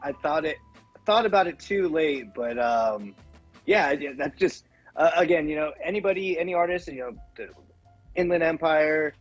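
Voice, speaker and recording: A man's voice: a little high, normal speed, lo-fi sound, soft background music. A man co-hosting a casual chat, talking hesitantly with many fillers and laughing often. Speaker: co-host.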